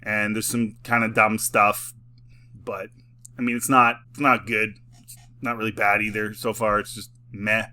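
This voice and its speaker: A man's voice: on the low side, little pitch movement, a little slow, bright, forceful tone. A man giving a casual spoken review, rambling with lots of filler words and frequent chuckles, sometimes mocking and sarcastic. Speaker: film and TV reviewer.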